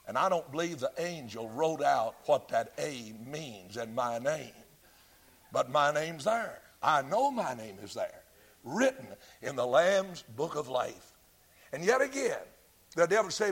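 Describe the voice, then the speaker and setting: A man's voice: a little high, animated, unhurried, slightly rough. A man preaching a Baptist sermon, emphatic, repeating key phrases and drawing out stressed words.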